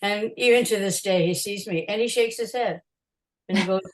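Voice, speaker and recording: An older woman from Canada, a concert photographer guesting on a podcast, telling stories in an animated way with frequent laughter. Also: mid-range voice, normal speed, poor audio. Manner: animated storyteller, laughs often, acts out quotes. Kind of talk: casual interview storytelling.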